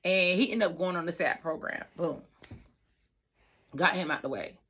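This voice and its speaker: A woman trucker telling a story in a casual vlog, animated and emphatic, repeating lines for effect. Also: on the low side, normal speed, husky. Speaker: trucker and trucking school staff.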